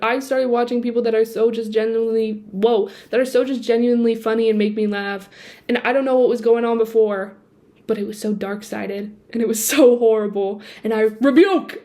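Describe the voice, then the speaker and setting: In this casual home vlog, a young woman with a voice on the high side speaks at normal speed into a built-in laptop mic while seated. She's lively, moving between soft musing and excited bursts, and sings bits of songs between sentences.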